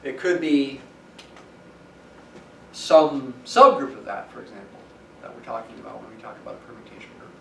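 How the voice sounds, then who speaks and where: A man's voice: medium pitch, very fast, gravelly, a little mellow. A male professor lecturing in a roomy classroom, his voice carrying from a distance with a faint hiss behind it. He explains patiently, leaning on the important words. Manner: explanatory, stresses key words. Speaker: math professor.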